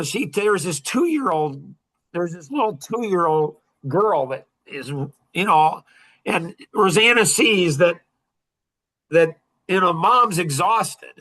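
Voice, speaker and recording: A middle-aged man hosting a podcast, telling a story in a casual, animated and heated way, with many restarts. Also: fairly high pitch. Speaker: podcast host.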